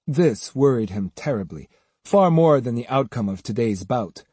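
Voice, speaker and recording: A man's voice: mid-range voice, animated, normal speed, a little mellow, husky, dry recording. A man reading a novel aloud as an audiobook narrator, giving each character a voice. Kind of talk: scripted narration.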